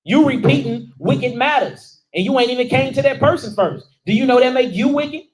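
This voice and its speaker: A man's voice: very high-pitched, lively intonation, normal speed, a little hiss or hum, rough recording. A man preaching a sermon, calling out questions to his listeners in informal dialect speech. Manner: calls out questions and answers to the room. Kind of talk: sermon teaching.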